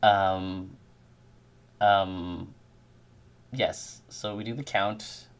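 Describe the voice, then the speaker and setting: A man's voice: low-pitched, drawn-out words, clean tone. Chatty man telling stories while coding. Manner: animated storyteller who acts out quotes. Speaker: game developer streaming his work. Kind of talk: casual chat while coding.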